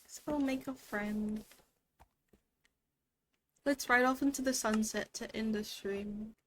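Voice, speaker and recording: Giggly high-voiced woman teaching, slow. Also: steady tone, fairly bright tone, a little hiss or hum. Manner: playful, giggly, chatty. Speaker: VTuber language teacher. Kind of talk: casual streamed lesson while gaming.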